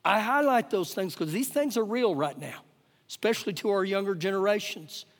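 High-voiced preacher in an echoing church. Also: male voice, lively intonation, normal speed. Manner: emphatic, repeats phrases, swings between loud and hushed. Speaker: pastor. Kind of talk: live sermon. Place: church sanctuary during a service. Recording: long hall reverb, faint guitar.

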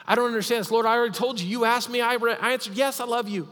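A preacher doing a pleading, distraught apostle. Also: male voice, very high voice, fairly even intonation, racing, a bit bright, big-room sound, voice pushed up. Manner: exasperated, pleading. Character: distraught male apostle pleading with his master.

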